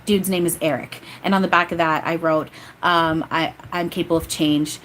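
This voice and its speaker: A woman's voice: low voice, fairly even intonation, moderate pace, a bit bright, slight background noise, poor audio. A young woman doing live spiritual readings on a stream, rambling and emotional with many restarts. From grew up Catholic. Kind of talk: live-stream chat and channeling.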